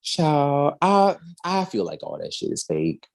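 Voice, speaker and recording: Sassy, animated woman recapping a show. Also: deep voice, a little slow, gravelly. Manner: sassy, expressive, slangy storyteller who jumps into character voices. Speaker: podcast co-host recapping an episode. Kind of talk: animated comedic recap with acted-out voices.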